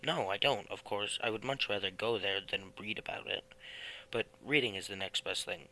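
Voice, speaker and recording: A man voicing an eager, dreamy middle-aged house painter in a read-aloud storybook, lively and animated. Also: fairly low pitch, moderate pace, poor audio.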